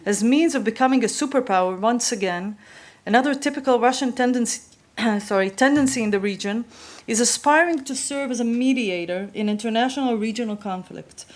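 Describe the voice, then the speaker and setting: A woman delivers a prepared conference talk in a measured way. Her voice sits a little high, and she reads from notes with the odd filler. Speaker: conference speaker. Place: conference hall.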